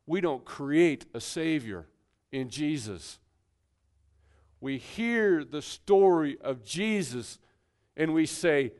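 Preacher, male, high-pitched and emphatic, hushed one moment and forceful the next. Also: animated, slow, pauses often. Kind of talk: sermon.

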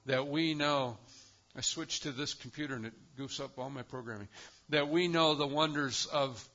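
A man's voice: mid-range voice, sharp tone, muffled recording. A man preaching a sermon as pastor, with an emphatic cadence that rises and falls.

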